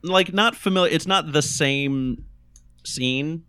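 A man's voice: fairly high pitch, takes it slowly, bright, forceful tone, smooth, dry recording, clean studio sound. A man narrating as game master of a tabletop game, describing scenes in a hesitant way with fillers.

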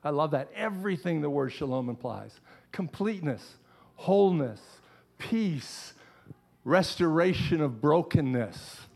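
A man's voice: a little high, lively intonation, measured pace, creaky, darkish tone, breathy edge. A middle-aged man, a pastor, preaching a sermon in church with earnest, repeated phrases.

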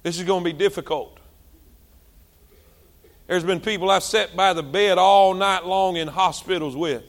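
A male pastor, preaching a sermon with passion, repeating himself and swinging between loud and soft. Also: high-pitched, normal speed.

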